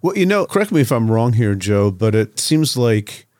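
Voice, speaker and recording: A man's voice: mid-range voice, big pitch swings, normal speed, darkish tone, no room sound, clean studio sound. A man co-hosting a podcast, chatting loosely and adding his own comments. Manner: conversational, loose, with many fillers. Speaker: podcast co-host. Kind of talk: casual interview talk.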